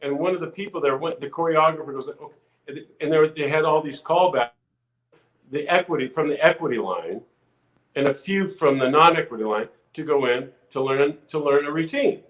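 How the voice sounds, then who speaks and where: An older man, a podcast guest, telling a lively anecdote in casual chat, full of restarts and acted-out quotes. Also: fairly high pitch, brisk, echoey room, low-quality recording. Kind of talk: casual storytelling.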